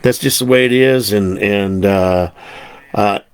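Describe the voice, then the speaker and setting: A man's voice: fairly low pitch, takes it slowly, clear, resonant tone. Folksy rambling man hosting a podcast. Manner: rambling, many fillers and restarts, folksy. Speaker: podcast host. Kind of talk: casual podcast chat. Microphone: desktop podcast recorder mic.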